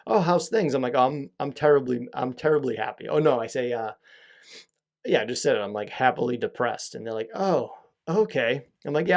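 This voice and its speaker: A man's voice: medium pitch, creaky, a little mellow. A young adult man hosting a solo podcast, talking candidly and rambling with lots of fillers and swearing. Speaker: podcast host. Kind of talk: casual solo podcast monologue.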